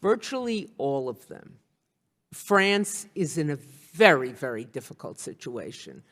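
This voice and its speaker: A woman testifying as a witness at a hearing, speaking in a measured, earnest way. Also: deep voice, sing-song, a bit bright. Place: congressional hearing room. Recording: long reverb of a hearing room.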